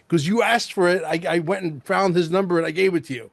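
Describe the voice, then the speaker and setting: A male host in casual interview chat, excitable and rambling, peppering his talk with "bro" and "like". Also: fairly high pitch, quick pace, few pauses, no echo.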